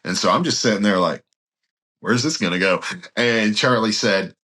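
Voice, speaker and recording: Speaking at a moderate pace in a lowish voice, this man is a pastor guesting on a podcast interview. He tells lively anecdotes and acts out the lines of the characters involved.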